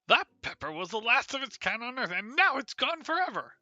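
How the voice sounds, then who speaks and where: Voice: medium pitch, sing-song, moderate pace, sharp tone, dry recording, lo-fi sound, soft background music. A streamer narrating a dating game aloud on stream, playful and self-mocking. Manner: playful, self-mocking, laughs at own mistakes. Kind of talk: live-streamed game reading.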